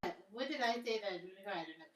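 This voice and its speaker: A woman's voice: mid-range voice, expressive, fast talker, far from the mic. Chatty woman, roomy and off-mic. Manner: chatty, self-amused, laughs at own jokes. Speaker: live streamer. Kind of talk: casual live-stream chat.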